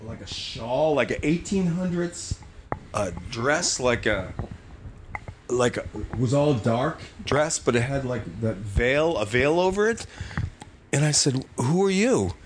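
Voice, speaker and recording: Older male guest, comedy writer, profane and animated raconteur, middle-pitched voice. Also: a little hiss or hum. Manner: vivid, profane, animated storyteller. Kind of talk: casual podcast storytelling.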